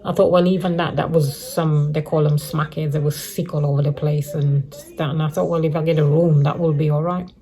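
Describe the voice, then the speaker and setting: A woman's voice: low-pitched, steady tone, brisk, hardly any pauses, warm tone. A middle-aged woman vlogging a casual update to her viewers, rambling and repeating herself, with many restarts. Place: living rough on the streets.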